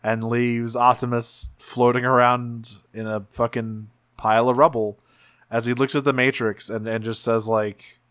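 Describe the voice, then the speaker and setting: A man's voice: mid-range voice, level tone, unhurried, a bit bright, no room sound. A man co-hosting a podcast, recapping episodes in casual chat, rambling with lots of restarts and fillers. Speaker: podcast co-host recapping a cartoon series.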